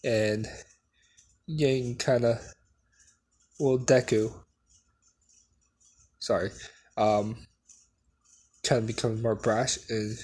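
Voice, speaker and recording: Brief: male fan storyteller, unhurried, halting, casual delivery. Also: mid-range voice, fairly even intonation, a little mellow, breathy edge. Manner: halting, full of fillers and restarts. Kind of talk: casual unscripted story retelling.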